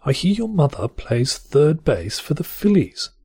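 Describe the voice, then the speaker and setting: Pompous posh gent, slow and haughty, pitched up high over a dark, husky voice, as a man puts him on. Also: big pitch swings, dry recording, clean studio sound, heavily acted. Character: pompous posh man reciting playground insults.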